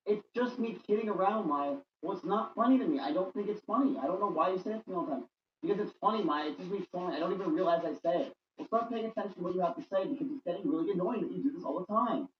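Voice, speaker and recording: A man's voice: high-pitched, slight background noise. A man streaming, chatting casually in a blunt, teasing way. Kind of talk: casual chat. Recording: dull lo-fi stream audio.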